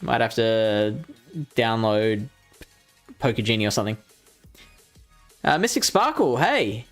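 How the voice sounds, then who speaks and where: An Australian man with a lowish, expressive, slightly bright voice speaks slowly over soft background music. Hosting a live game stream, he chats with viewers, reads their messages, thinks out loud as he plays, and laughs at himself.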